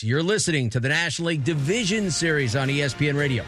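Male sports radio host, slightly high voice, dry studio sound, brisk promo reads. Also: expressive, fairly bright tone, no echo.

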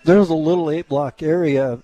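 A man talking as a guest on a radio show, explaining a local festival in a friendly, halting way with many fillers. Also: on the high side, steady tone, warm tone, lo-fi sound. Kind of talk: casual radio interview.

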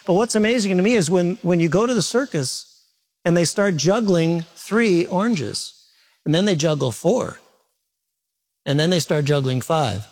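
A man's voice: high-pitched, expressive, normal speed, a little mellow. A man preaching a morning sermon as a pastor, talking conversationally with repetition and self-deprecating humor.

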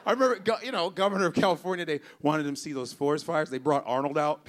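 A man's voice: on the high side, quick pace. A man doing loose, profane stand-up comedy with lots of laughing banter.

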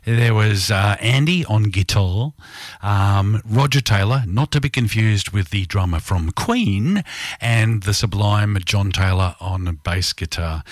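A man's voice: fairly low pitch, no room sound, clean studio sound. A middle-aged man presenting music in a rambling, casual chat full of fillers and asides.

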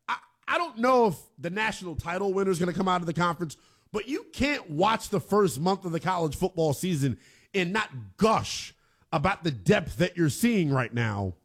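Hyped, slangy sports radio host man. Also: high voice. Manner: hyped, slangy, swinging between loud and muttered asides. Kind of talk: live sports radio talk show. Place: radio studio.

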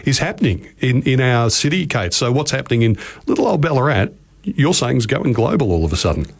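A man's voice: mid-range voice, sing-song, brisk, gravelly, husky. A man hosts a radio interview in a jovial, teasing way. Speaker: radio host.

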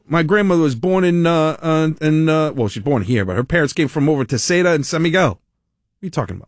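Man, talk show host, chatty and animated, slightly high voice. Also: fast, no echo, clean studio sound. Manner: animated, chatty, laughs often. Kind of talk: casual talk-radio storytelling.

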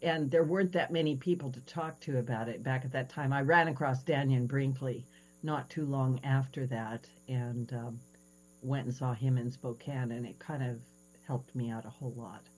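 Radio host, female, low voice with a faint hum behind, chatty storyteller. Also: normal speed, rough recording. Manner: animated storytelling, hesitant fillers. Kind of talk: casual radio interview chat.

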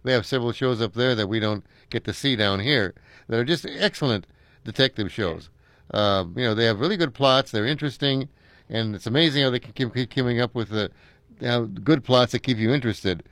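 An older American man chatting casually, rambling and chuckling, pausing often with halting fillers. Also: medium pitch, fairly bright tone, no room sound. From United States. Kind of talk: casual chat.

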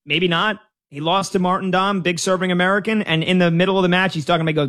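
A man's voice: high voice, fairly even intonation, fast talker, a bit bright. A man talking casually as a sports betting analyst, conversational with frequent fillers. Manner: conversational, uses fillers like "you know".

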